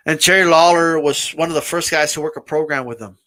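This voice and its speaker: Bright, high-pitched male streamer host, loose and animated, swears freely. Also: fairly quick. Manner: animated, repetitive restarts, swears casually. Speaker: streamer hosting a live wrestling talk. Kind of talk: casual ranting commentary.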